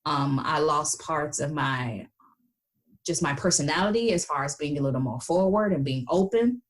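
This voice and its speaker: American woman, lowish voice, chatty, filler-heavy, interview guest. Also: lively intonation, moderate pace. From United States. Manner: chatty, many fillers, acts out quoted voices. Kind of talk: casual interview chat.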